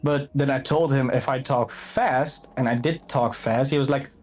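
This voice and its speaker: A man's voice: medium pitch, steady tone, moderate pace, a little mellow, faint music behind. A man from the Netherlands with a Dutch accent, telling a rambling anecdote on a live stream in casual chat.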